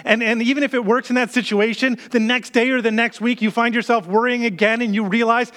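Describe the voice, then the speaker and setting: Earnest high-voiced male pastor preaching. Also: fairly even intonation, brisk, a bit bright. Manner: earnest, conversational, acts out worried inner voices. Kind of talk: sermon.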